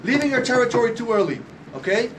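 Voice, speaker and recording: A high-pitched man coaching a room of salespeople, talking fast, loud and passionate, swearing freely and peppering the group with rhetorical questions. He sounds a bit far from the mic, with a faint hiss behind him. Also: sing-song. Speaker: sales trainer. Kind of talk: motivational sales talk to a group.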